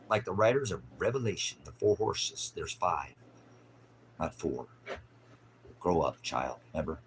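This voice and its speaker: A man preaching an improvised, fiery sermon in a mocking, scolding manner, swinging from loud outbursts to low mutters. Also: big pitch swings, measured pace, long pauses, slight background noise.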